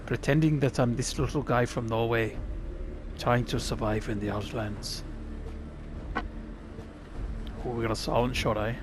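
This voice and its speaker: A man's voice: mid-range voice, fairly even intonation, moderate pace. A man with an Australian accent giving wry, chatty commentary to himself as he plays a survival game. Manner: chatty, wry, talks to himself while playing. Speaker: gaming YouTuber. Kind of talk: casual gameplay commentary. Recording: clear background game noise.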